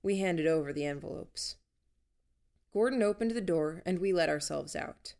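A woman reading a first-person story aloud in an even, measured storytelling manner. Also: on the low side, vocal fry. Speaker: audiobook narrator. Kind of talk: first-person audiobook narration.

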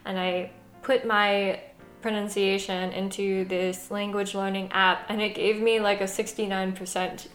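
An American woman hosting a casual language-learning vlog, chatty and laughing often, sometimes reading aloud slowly. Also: medium pitch. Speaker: podcast host. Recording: echoey room.

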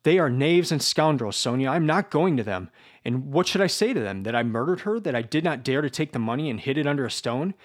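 A man's voice: mid-range voice, fast, few pauses, natural voice. A man reading aloud as a young male murderer, raising his voice in bitter, indignant defiance.

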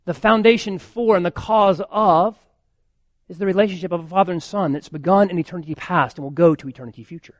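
A man's voice: fairly high pitch, no room sound, studio quality. A man, a pastor, preaching a sermon earnestly, building emphasis with repeated phrases.

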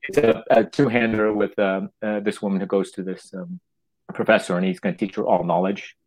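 A man who writes plays, talking casually in an interview, halting and restarting his words and acting out little quotes. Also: lowish voice, steady tone, low-quality recording. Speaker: playwright.

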